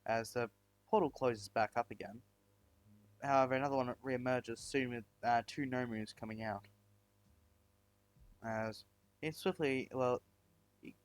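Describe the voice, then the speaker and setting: A man narrating a fan-made story, rambling with many fillers and restarts. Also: medium pitch.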